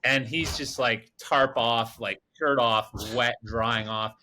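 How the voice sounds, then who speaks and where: A man co-hosting a podcast, telling a field story in casual chat, animated and acting out other people's lines. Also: mid-range voice, slow pace, slight background noise. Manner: animated, mimics others with raised voice and swearing. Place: remote field camp in the Amazon.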